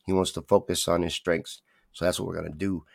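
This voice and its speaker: A man hosts a live online show and talks straight to his viewers. His voice is low and gravelly and the sound is dry and close. He gets heated and swears as he answers their comments. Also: level tone, fairly quick, no room sound. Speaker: host. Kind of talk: casual livestream talk, reading chat.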